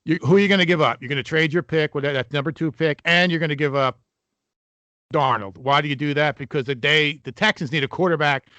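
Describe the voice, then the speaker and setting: A man's voice: a little high, fast talker, sharp tone, no echo. A man co-hosting a casual sports podcast, making emphatic point-by-point arguments. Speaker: podcast co-host.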